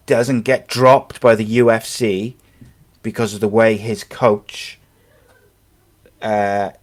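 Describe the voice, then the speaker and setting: Low-voiced man hosting, rambling. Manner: rambling, with frequent fillers and restarts. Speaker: podcast host. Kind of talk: casual sports podcast chat.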